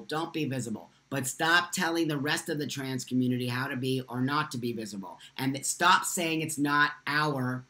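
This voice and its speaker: A man's voice: mid-range voice, pushed and bright. A man hosting a live stream from a phone, impassioned and emphatic, repeating phrases for force while answering viewer comments.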